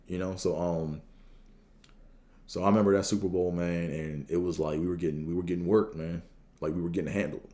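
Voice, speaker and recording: A man in his thirties with a low, dark voice, telling a long story casually. He rambles along with plenty of fillers and loose swearing. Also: fairly even intonation, a little fast. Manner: laid-back and rambling, with lots of fillers and swearing. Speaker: host.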